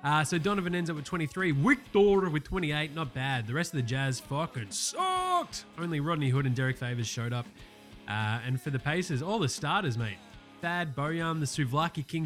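A man, recapping basketball games in a loose, profane, excitable way, often putting on mocking voices. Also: fairly high pitch. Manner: excitable, swears constantly, does mocking voices. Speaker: sports podcast host.

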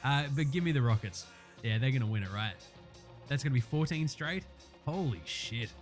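A man's voice: medium pitch, lively intonation, moderate pace, faint music behind. A man hosting a casual sports picks show, swearing freely and getting heated as he calls each game. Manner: profane, fired-up, ranting. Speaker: sports podcast host.

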